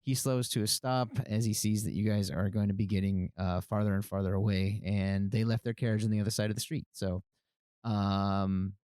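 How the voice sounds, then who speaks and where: A man narrating a tabletop game as game master, relaxed and hesitant, with many fillers. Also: on the low side, moderate pace, smooth, no echo, studio quality.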